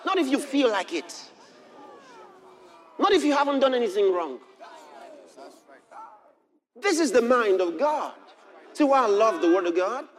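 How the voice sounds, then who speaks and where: A man preaching a sermon, moving from quiet storytelling to shouted exclamations. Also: very high-pitched, very animated, unhurried, pauses often, some chatter behind.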